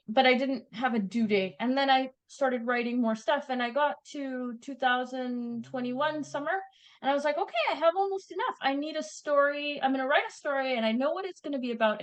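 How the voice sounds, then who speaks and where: A woman with a Canadian accent, chatting as a guest author in an interview, telling stories in an animated, laughing way. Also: high voice, low-quality recording. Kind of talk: casual interview chat.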